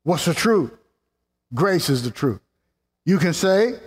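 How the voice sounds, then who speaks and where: A man preaching a sermon with fervor, building up to exclamations and slowing down to stress key words. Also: a little high, expressive, breathy edge. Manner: fervent, rising to exclamations and slowing for emphasis. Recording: long hall reverb.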